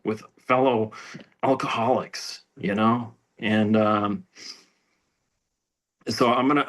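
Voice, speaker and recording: A middle-aged man telling his recovery story in a rambling, halting way, full of restarts and fillers, dropping to a near whisper at painful moments. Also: mid-range voice, fairly bright tone. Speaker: speaker sharing recovery story. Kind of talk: personal testimony at a recovery meeting.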